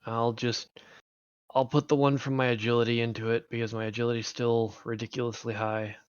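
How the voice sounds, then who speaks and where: A man at a tabletop game talks in a mid-pitched, hesitant way, debating his choices aloud. The sound is dry and dull, like a lo-fi recording. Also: little pitch movement, a little fast, smooth, no room sound. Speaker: player. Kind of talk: casual tabletop game chat.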